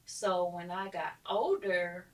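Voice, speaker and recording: A woman co-hosting a podcast, chatting in a reflective, soft-spoken way. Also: fairly low pitch, fairly even intonation, takes it slowly. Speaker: podcast co-host. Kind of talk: casual chat.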